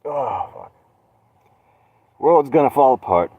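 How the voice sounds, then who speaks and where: A young man rambling on a solo live stream from his van, sarcastic and swearing, with dark jokes. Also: medium pitch, lively intonation, slow pace, slightly rough, no room sound, narrow, tinny audio. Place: inside a van. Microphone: phone.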